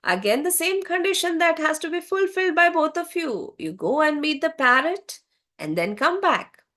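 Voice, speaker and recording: A woman voicing a calm, wise sage in a told animal fable. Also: sits high, normal speed, pitched above the performer's own voice. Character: calm wise sage resting under a tree. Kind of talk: storytelling with voices.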